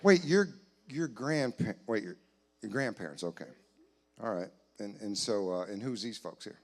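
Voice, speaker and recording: A man doing comedy crowd work in a church hall, teasing audience members in quick banter. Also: lowish voice, expressive. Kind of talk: live stand-up crowd work.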